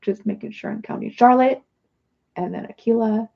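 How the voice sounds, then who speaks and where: A woman's voice: on the high side, moderate pace, vocal fry, lo-fi sound. A woman hosting a casual livestream, chatting in a rambling, apologetic way while she works through oracle cards. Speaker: livestream host doing oracle card readings.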